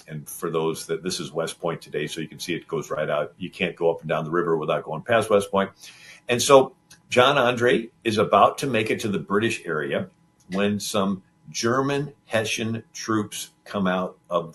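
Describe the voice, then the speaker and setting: Low-voiced man telling a history story. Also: unhurried, slight background noise. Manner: animated, acts out the quoted figures' lines; loose and rambling, with many fillers and restarts. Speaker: show host.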